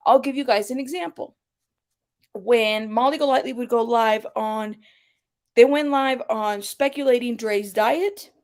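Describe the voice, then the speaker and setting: A woman's voice: a little high, a little slow. A woman hosting her own commentary channel, talking bluntly and sarcastically and swearing freely. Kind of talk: casual commentary.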